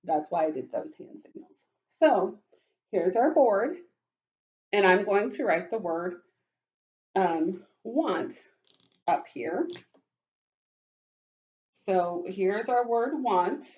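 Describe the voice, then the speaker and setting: A woman teaching a phonics lesson to young children, speaking slowly and warmly, praising them often and sounding out words. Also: mid-range voice, animated, highs cut off. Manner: slow, encouraging, praising often. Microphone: webcam.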